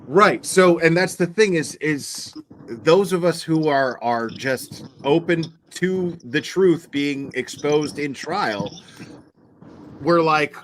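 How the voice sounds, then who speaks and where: Slightly high-voiced man, incredulous chat. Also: animated, takes it slowly, a little hiss or hum. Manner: incredulous, speculative, laughs at his co-host. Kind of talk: casual profane commentary chat.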